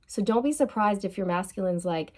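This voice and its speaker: A woman's voice: medium pitch, brisk, dark tone. A woman giving a tarot reading in a loose, chatty way, repeating phrases and laughing at her own slips. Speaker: tarot reader. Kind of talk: tarot card reading monologue.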